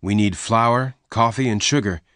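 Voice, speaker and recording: A man voicing a strong, protective young cowboy in a read-aloud story, calm and plain-spoken. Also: lowish voice, normal speed, no echo, pitched above the performer's own voice, close to an everyday voice. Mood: earnest. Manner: calm, plain-spoken, close to the reader's own voice.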